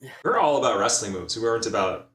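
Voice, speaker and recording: A man's voice: lowish voice, lively intonation, quick pace, a bit bright, reverberant. A man co-hosting a casual podcast chat, laughing often and adding dry short remarks. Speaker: podcast co-host.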